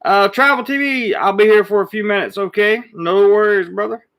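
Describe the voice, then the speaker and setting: Male livestream host, slightly high, gravelly voice, chatty and loose. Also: fairly even intonation, normal speed, fairly bright tone. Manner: greets viewers by name, chatty. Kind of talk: casual live chat. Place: Thailand.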